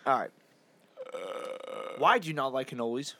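A man's voice: mid-range voice, moderate pace, bright, forceful tone. A young man hosting a podcast, chatting casually with friends in a profane, joking way. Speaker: podcast host. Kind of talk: casual chat among friends.

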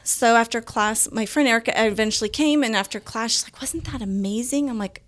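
A woman's voice: on the high side, fairly quick. A woman guest casually telling a personal story, acting out the dialogue she quotes. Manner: animated, acts out quoted dialogue. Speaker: interview guest.

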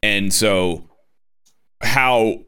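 A man in his thirties in casual podcast chat, animated and swearing freely. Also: fairly low pitch, very slow, smooth.

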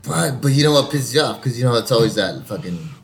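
A man's voice: medium pitch, big pitch swings, fast, creaky, a little hiss or hum. Profane, laughing podcast host man. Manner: profane, loud bursts of laughter, jokey. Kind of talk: casual podcast banter.

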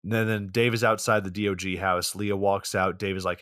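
A young man with a low-pitched voice recaps a film's plot in a loose podcast chat. He rambles through it with plenty of fillers and little polish. The sound is dry and close, with no room echo. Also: steady tone, a little fast, fairly bright tone, clear, resonant tone. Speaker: podcast co-host. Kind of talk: casual movie recap.

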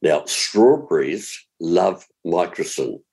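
An older New Zealand man talks through gardening tips in a relaxed, explanatory way, slowing down to spell words out. His voice sits very low and has a husky, slightly rough edge. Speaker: gardening expert. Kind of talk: radio gardening advice chat.

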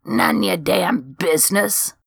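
A woman voicing a jumpy, mouthy young stoned man, in a gravelly, slow voice as she reads a story aloud. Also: lowish voice, sing-song, dry recording, clean studio sound, full character voice.

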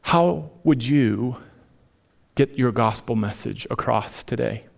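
A male pastor preaching a sermon, addressing the congregation with rhetorical questions and swinging between emphatic rises and soft, hushed passages. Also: medium pitch, slow, creaky.

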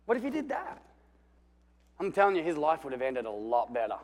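A man preaching a sermon, telling the story with animation and swinging between loud and hushed while calling out for amens. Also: fairly high pitch, wildly swooping pitch, brisk. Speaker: pastor.

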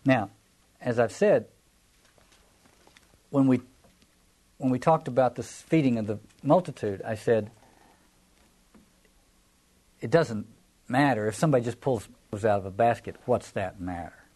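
A man giving a reflective lecture on a scripture passage, his voice mellow and dark at a middling pitch. He thinks aloud, stopping and restarting phrases and repeating words as he works through his points. The delivery is explanatory and unhurried. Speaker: Bible teacher.

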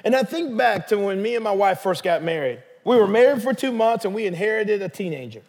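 A man's voice: high-pitched, expressive, brisk, darkish tone, in a large hall. A man pastor delivering a sermon in a conversational, emphatic manner.

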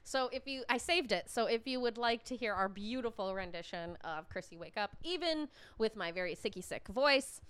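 Woman, podcast co-host, nasal cold voice, giggly, high-ish. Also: lively intonation, normal speed, hardly any pauses, fairly bright tone, smooth. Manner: giggly, chatty, laughs often. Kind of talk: casual chat.

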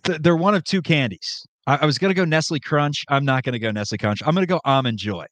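Animated jokey male podcast host. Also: fairly high pitch, no echo. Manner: animated, jokey, quick asides. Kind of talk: casual sports podcast chat.

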